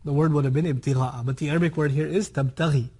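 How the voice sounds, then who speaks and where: A man's voice: fairly high pitch, steady tone, fast talker, warm tone, husky. A man teaching a Quran lesson. He explains ideas by contrast and examples, adds humorous asides and keeps checking that listeners follow. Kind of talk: explanatory religious lecture.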